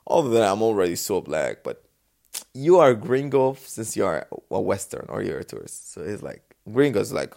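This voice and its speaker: A man from Dubai hosting a solo podcast, talking off the cuff in a casual, animated way and acting out the voices in his stories. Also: fairly low pitch, moderate pace, gravelly. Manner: casual, animated storytelling, acts out quotes. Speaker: podcast host. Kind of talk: unscripted solo podcast talk.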